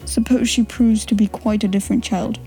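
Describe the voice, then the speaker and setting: A woman voicing a lonely, worried older gentleman who muses aloud thoughtfully. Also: medium pitch, fairly even intonation, a little fast, soft background music, close to an everyday voice.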